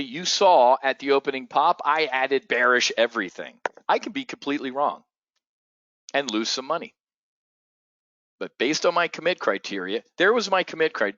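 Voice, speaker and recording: A man hosting an options trading show, giving excitable, blunt commentary full of swearing. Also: mid-range voice, no room sound, highs cut off. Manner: excitable, profane, blunt asides. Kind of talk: live market commentary.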